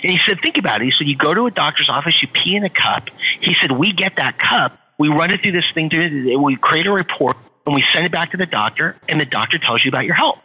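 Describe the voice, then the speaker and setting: A man's voice: fairly high pitch, lively intonation, fast talker, bright, forceful tone, slightly rough, big-room sound, rough recording. A middle-aged man, a guest on an interview show, telling his story with energy and repeating phrases for effect. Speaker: guest, author and entrepreneur.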